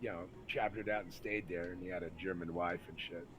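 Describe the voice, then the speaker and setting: A man with a fairly low voice tells rowdy army stories in loose, swearing chat and acts out everyone in them. There is a faint hum of background noise behind him. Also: fairly quick. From Santa Rosa, California, USA. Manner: animated, acts out the people in his stories, many fillers. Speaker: storyteller recalling army days. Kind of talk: casual profane storytelling chat.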